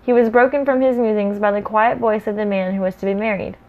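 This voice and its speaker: A woman reading a story aloud in a relaxed way, with chatty asides between passages. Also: medium pitch, fast, phone-quality sound. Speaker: story reader. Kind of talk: casual read-aloud of a story.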